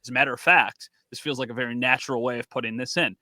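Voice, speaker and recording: Bright-voiced man telling a story. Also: mid-range voice, very fast, no echo. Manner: animated storyteller, acts out quotes. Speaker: podcast co-host and sports reporter. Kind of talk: casual podcast chat.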